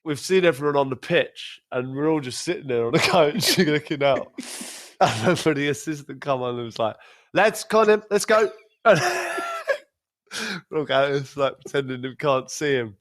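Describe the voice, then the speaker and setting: Man, podcast host, casual anecdote, chuckling, stumbling repeats, mid pitch. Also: fairly quick. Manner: laughs through his stories, repeats words, acts out quotes. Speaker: podcast host, former footballer.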